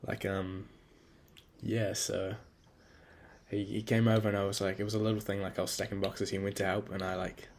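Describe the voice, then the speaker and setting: Young guy, lowish voice, swearing loosely as he rambles alone on a podcast, hard on himself. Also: level tone, normal speed, a little hiss or hum. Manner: rambling, profane, self-critical. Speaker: podcast host. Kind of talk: casual solo monologue.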